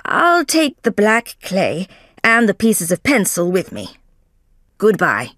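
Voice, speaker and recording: A woman voicing a calm, clever male detective in a slow storybook reading, measured and low-keyed. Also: no room sound, clean studio sound, exaggerated voice.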